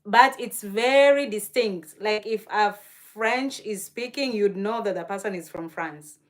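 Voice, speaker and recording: A woman's voice: mid-range voice, a little slow. A young woman from Kenya hosts a live stream and chats in a loose, gushing way. She laughs often, and her voice sits in an ordinary middle register. She answers viewers' comments as she goes. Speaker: livestream host. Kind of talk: casual live-stream chat.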